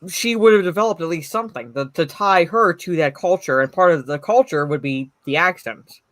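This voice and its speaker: A co-host chatting on a livestream with a middle-pitched voice and a dry, close sound. The delivery is patient and explanatory, padded with fillers. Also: fairly quick, a bit bright, dry recording. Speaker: co-host reading viewer comments. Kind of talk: casual stream chat.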